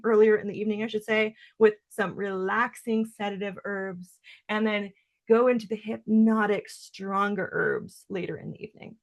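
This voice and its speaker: A woman's voice: fairly high pitch, fairly bright tone. A woman hosting a solo herbal wellness podcast from her office, talking casually with lots of "like" and "um" fillers. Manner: chatty, frequent "like" and "um" fillers. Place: home office.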